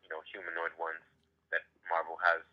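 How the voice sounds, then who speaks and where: A man's voice: sits low, completely flat delivery, brisk. A man who is a guest in a casual podcast chat, filling his talk with "like" and "you know". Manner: lots of "like" and "you know" fillers. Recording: dull lo-fi sound.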